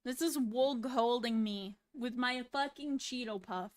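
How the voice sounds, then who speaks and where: A woman's voice: on the high side, measured pace. A woman streamer chatting casually with her viewers, laid-back and swearing freely. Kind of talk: casual livestream chat.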